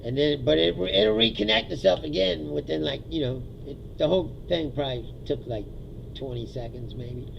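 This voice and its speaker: Gravelly, sardonic man ranting on a livestream. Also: a little high, normal speed, muffled recording, slight background noise. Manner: sardonic, laughs often, profane. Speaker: livestream host. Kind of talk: casual solo livestream rant. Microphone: streaming setup mic.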